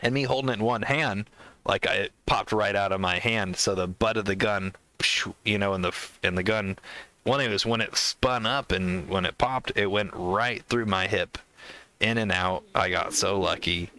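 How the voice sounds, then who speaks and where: Male podcast host, rambling storyteller, bright clear voice, low-ish. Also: normal speed. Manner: rambling, full of fillers and acted-out quotes. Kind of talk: casual storytelling chat.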